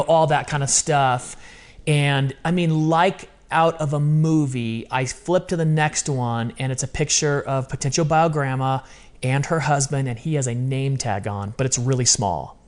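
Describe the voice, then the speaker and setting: A man in his fifties, a podcast guest, telling a personal story in a lively, emotional way with quick asides. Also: medium pitch. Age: 50s. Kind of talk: conversational storytelling.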